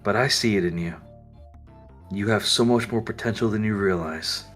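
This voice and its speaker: A man voicing a calm, knowing angelic young man who speaks softly and confidently. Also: on the low side, normal speed, soft background music.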